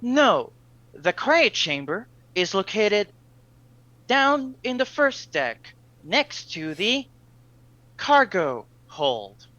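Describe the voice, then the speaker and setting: A dutiful male ship's android, played by a man running a tabletop game, answers in clipped, formal phrases. The tone is bright and close, with a dry, slightly muffled stream sound. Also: high-pitched, big pitch swings, very slow, no echo, voice pushed up, exaggerated voice.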